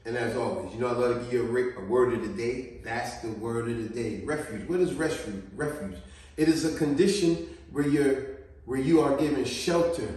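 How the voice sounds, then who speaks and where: A man telling a childhood story in an animated, slangy way, laughing often, recorded in a very echoey room away from the mic. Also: mid-range voice, fairly quick, recorded from a distance. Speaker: vlogger.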